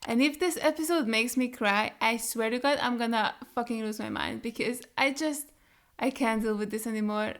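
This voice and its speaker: A woman's voice: on the high side, normal speed, fairly bright tone. A young woman hosting a casual reaction video, rambling emotionally and swearing freely as she chats.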